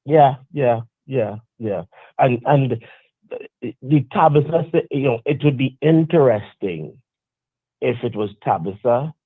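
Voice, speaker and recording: A man's voice: mid-range voice, lively intonation, a little slow, slightly rough, dry recording. A man calling in to a live show, chatting casually and rambling with restarts. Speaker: caller. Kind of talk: casual call-in chat. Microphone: phone call. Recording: tinny phone line.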